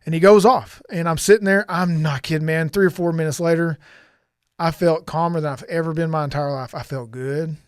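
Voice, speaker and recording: A man's voice: fairly high pitch, steady tone, a little fast, smooth, no echo, studio quality. A middle-aged man earnestly telling a personal story on a podcast, rambling and often restarting his sentences. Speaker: podcast guest sharing testimony.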